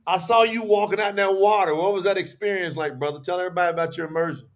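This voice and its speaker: A man's voice: high voice, steady tone, rapid-fire. A man hosting a live broadcast, casually prompting a guest with questions. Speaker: host and teacher. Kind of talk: interviewing on a live stream.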